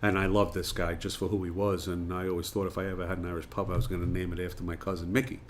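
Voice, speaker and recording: In a relaxed interview, a man who retired from firefighting and now owns a pub tells anecdotes packed with fillers. He speaks quickly in a deep voice with a level tone, and slight background noise can be heard.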